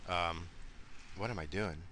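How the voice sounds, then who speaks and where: A man's voice: low-pitched, unhurried, noisy background. A man hosting a casual solo podcast, rambling and swearing freely as he mocks himself, recorded at home on a podcast mic. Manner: rambling, profane, self-mocking. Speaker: podcast host.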